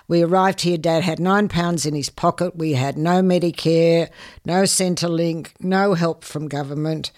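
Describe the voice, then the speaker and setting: An older woman, giving earnest, measured interview answers and often repeating words. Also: lowish voice, a little mellow. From Hungary. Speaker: guest. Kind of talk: interview answers, personal recollection.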